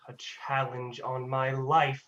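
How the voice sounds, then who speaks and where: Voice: mid-range voice, level tone, slow pace, fairly bright tone. Performer doing a mocking young jester, lo-fi audio. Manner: mocking, playful. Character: jesting, bawdy young man. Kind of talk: virtual staged reading.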